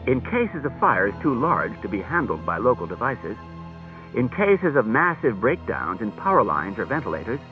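A man's voice: medium pitch, very animated, moderate pace. Man reading an audiobook on tinny tape. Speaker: audiobook narrator. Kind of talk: scripted audiobook narration. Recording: tinny narrow-band cassette tape, faint music.

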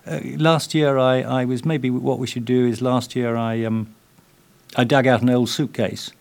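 A man's voice: medium pitch, steady tone, normal speed. Older Englishman, interview guest, digressive and self-mocking. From England. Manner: rambling, self-deprecating, many fillers. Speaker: guest, writer. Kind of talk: interview with reading.

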